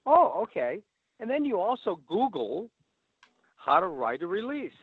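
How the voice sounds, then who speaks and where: A man giving rambling, animated advice as a radio guest on a phone line. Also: high voice, a little slow, slightly rough. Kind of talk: casual advice talk. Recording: tinny phone line, dry.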